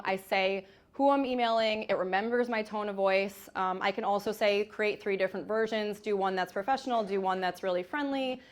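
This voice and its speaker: Chatty upbeat woman giving a live demo, medium voice, big room, handheld mic. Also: medium pitch. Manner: energetic, chatty, demonstrating as she goes. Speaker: presenter. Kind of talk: live presentation. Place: large room with hundreds of agents.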